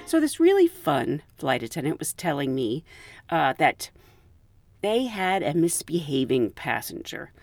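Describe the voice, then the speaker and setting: A woman flight attendant telling travel stories in a casual, animated way, laughing often. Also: low voice, a little slow. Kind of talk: casual storytelling.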